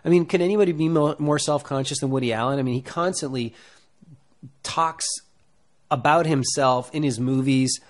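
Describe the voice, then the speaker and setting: A man giving acting advice in a loose, rambling talk full of fillers and restarts, getting animated as he goes. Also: medium pitch, normal speed. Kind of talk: casual talk to camera.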